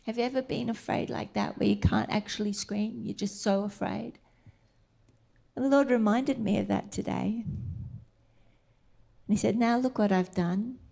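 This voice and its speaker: A middle-aged woman preaching a sermon, tender and emphatic, slipping into soft whispered asides. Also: medium pitch, fairly even intonation, moderate pace, gravelly, pauses often.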